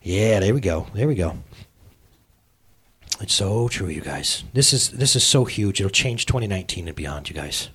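Animated conversational preacher man. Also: on the low side, normal speed, slightly rough. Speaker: pastor. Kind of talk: sermon.

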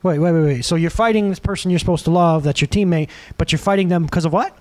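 Speaking fast and on the high side, a man in his thirties delivers a sermon as pastor in a chatty, conversational way. With plenty of animation, he voices the quotes as different characters.

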